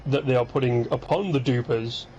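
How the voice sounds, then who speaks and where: A man co-hosting a casual gaming chat, sleepy and rambling, breaking off mid-sentence to act out quick impressions. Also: medium pitch, lo-fi sound, a loud crowd. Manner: rambling, self-interrupting, animated impressions. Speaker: podcast co-host.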